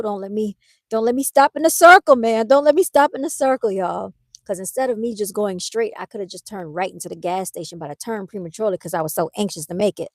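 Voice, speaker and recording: A woman's voice: medium pitch, dry recording. Chatty woman telling a story to viewers. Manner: animated, addresses viewers as "y'all". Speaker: vlogger. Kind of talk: casual livestream storytelling. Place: outdoors by a car, then moving inside. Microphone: phone.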